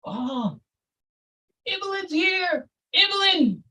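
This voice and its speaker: A man putting on a shrill rock-star preacher. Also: brisk, fairly bright tone, slightly rough, exaggerated voice. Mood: exuberant. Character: exuberant male megachurch preacher, rock-star showman.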